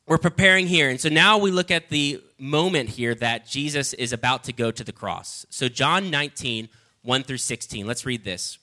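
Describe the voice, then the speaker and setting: A man preaching a sermon and reading scripture, earnest and halting, often repeating words as he restarts. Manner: rises loud and high when reading quoted lines.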